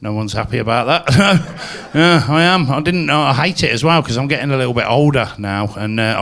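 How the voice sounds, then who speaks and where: A man's voice: on the low side, creaky, a bit bright. A man performing a chatty, self-mocking stand-up set at a live venue. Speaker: stand-up comedian.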